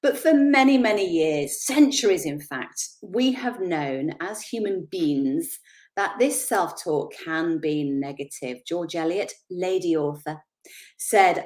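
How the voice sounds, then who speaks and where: A middle-aged woman giving a chatty, animated motivational talk on confidence, laughing at herself as she goes. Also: fairly low pitch, slow. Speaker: confidence speaker.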